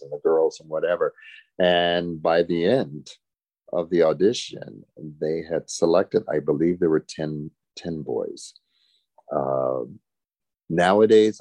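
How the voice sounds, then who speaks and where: A man's voice: extremely low pitch, mellow. An older man, a former show dancer, telling stories in an interview with a chuckling, reflective way of talking. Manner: reflective, chuckling, frequent "you know". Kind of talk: storytelling in an interview.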